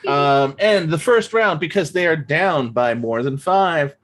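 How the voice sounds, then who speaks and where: A man's voice: a little high, lively intonation, unhurried, fairly bright tone. A man hosting an improv comedy show, chatting casually with lots of ums and self-mocking jokes as he explains the games.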